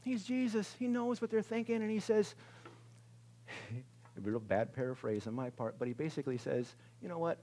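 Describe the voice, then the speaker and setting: A male pastor giving a conversational sermon in a church service, swinging from loud exclamations to hushed near-whispers and laughing at himself. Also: medium pitch, lively intonation, normal speed, pauses often.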